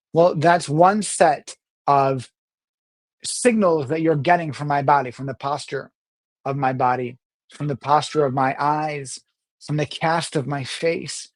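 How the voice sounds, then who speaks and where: Middle-aged male speaking coach, animated delivery. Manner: animated, swings pitch and loudness to demonstrate. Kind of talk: talk to camera on communication skills.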